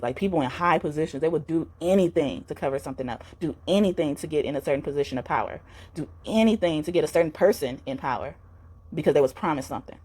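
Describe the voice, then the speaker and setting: Low-voiced woman giving a rambling tarot reading. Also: a little mellow. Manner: rambling, earnest, many fillers and restarts. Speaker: tarot reader. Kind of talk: spiritual tarot reading vlog.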